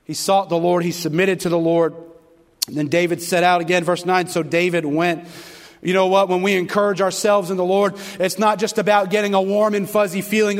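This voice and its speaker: A man preaching a sermon to a congregation, telling stories with animated, fervent delivery. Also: sits high, fairly quick. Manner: animated storytelling, rising to loud fervent passages. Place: church sanctuary. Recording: long hall reverb.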